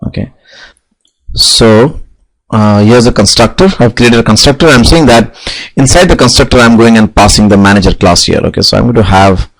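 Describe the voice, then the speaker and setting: A man's voice: on the low side, gravelly, rough recording. A man teaching object-oriented programming, talking through code as he types it, with frequent "okay" and "you know" fillers. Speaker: programming instructor. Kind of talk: live coding tutorial.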